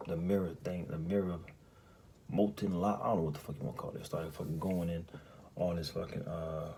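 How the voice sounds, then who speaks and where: A man telling a story in casual, profane, rambling speech, often asking "you hear me?" and dropping into a hushed half-whisper. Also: deep voice, flat delivery, brisk, gravelly, a little hiss or hum. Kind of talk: casual spoken recounting of a dream.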